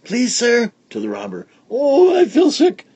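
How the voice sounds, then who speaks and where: A man voicing a crowd of noisy, squabbling young schoolchildren in a read-aloud storybook, in a high, whiny, excitable chatter. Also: a little slow, breathy edge, exaggerated voice.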